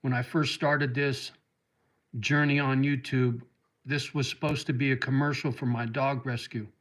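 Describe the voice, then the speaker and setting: A man's voice: mid-range voice, flat delivery, normal speed, a bit bright. A middle-aged man hosting a casual livestream, reading viewer comments aloud and answering them with heartfelt talk that gets choked up about dogs. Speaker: livestream host.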